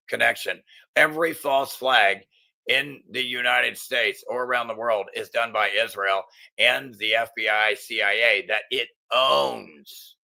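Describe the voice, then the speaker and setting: A man's voice: lowish voice, creaky, bright, forceful tone. A middle-aged man hosting his own channel, ranting angrily in a profane, agitated monologue full of stumbling restarts. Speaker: channel host.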